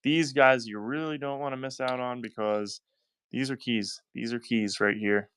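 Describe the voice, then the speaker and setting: A man's voice: mid-range voice, steady tone, moderate pace, a bit bright, clear, resonant tone. A man with a Southern US accent hosting a live-stream coin auction, talking in upbeat, chatty selling patter and thanking buyers by name.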